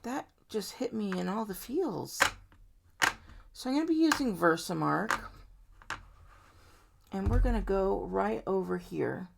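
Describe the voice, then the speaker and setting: A woman's voice: medium pitch, expressive, unhurried, gravelly, long pauses, background noise. A woman hosting a card-making tutorial, chatting casually to viewers as she works step by step. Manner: chatty, warm-hearted, talks to viewers directly. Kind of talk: casual step-by-step crafting demo.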